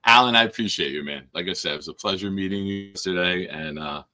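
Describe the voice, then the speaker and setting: Bright-voiced man hosting a casual chat. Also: deep voice, quick pace. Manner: animated storyteller who laughs at his own tales. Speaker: podcast host.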